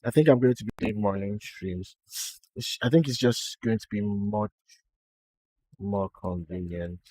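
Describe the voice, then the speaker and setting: Unhurried and fairly low in pitch, a young Nigerian man speaks in a slightly mellow, slightly rough voice. Chatting casually on a live stream in a put-on generic American-Canadian accent, he laughs at himself between remarks.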